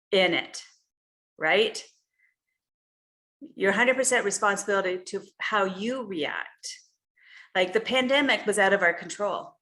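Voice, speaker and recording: A woman's voice: medium pitch, fairly bright tone. A woman health coach giving a casual coaching talk over a video call, speaking conversationally and often checking in with "you know" and "right?".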